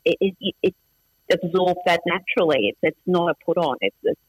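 A man's voice: on the high side, a little fast, husky, no room sound, highs cut off. A middle-aged man with an Australian accent, born in Iran with Farsi as his first language, chatting casually as an interview guest, self-deprecating and full of restarts and fillers.

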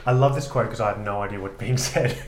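A man's voice: lowish voice, fast talker, echoey room. A man co-hosting a comedy podcast, rambling and self-mocking in casual chat. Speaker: podcast co-host.

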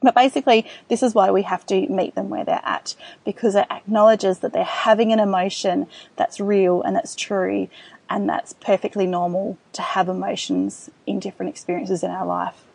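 A woman's voice: mid-range voice, steady tone, moderate pace, gravelly, darkish tone, slightly rough. A woman hosting a parenting podcast, explaining things in an earnest way and acting out the soothing words a parent might say.

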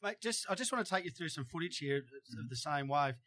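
Bright host, rambling questions. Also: male voice, a little high, expressive, a little fast. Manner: rambling, filler-heavy questions. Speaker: show host. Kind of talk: casual interview hosting. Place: studio.

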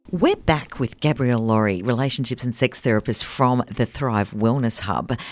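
Talk radio host, animated intonation, conversational, leads the interview from a dry studio. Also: mid-range voice, no room sound. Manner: lively, conversational, agrees often.

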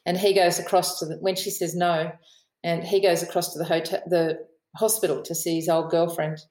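A woman's voice: fairly low pitch, flat delivery, fairly quick, a little mellow, reverberant, rough recording. A woman author with an Australian accent, telling stories in a podcast interview, chatty and laughing often. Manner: chatty storyteller, laughs often, mimics the people she quotes. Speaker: author and aviation writer, guest.

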